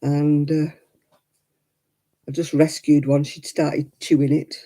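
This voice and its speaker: A woman's voice: low-pitched, flat delivery, slow, warm tone. A middle-aged woman chatting casually while knitting on a crafting livestream, cooing baby talk to her dog in between.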